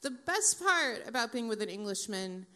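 A woman's voice: a little high, big pitch swings, normal speed, pushed and bright. A woman in her forties doing a stand-up comedy set, with dry, profane, self-mocking asides to the audience.

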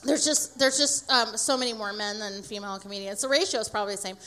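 A woman's voice: mid-range voice, quick pace, fairly bright tone, clear, resonant tone. A middle-aged woman stand-up comedian, brash and crude, laughing through her stories on a comedy club stage. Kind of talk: profane stand-up and stage interview.

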